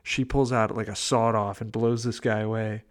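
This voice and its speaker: On the podcast, a lower-voiced man with little pitch movement chats about a film at normal speed. Laid-back as a co-host, he quotes its dialogue with playful impressions.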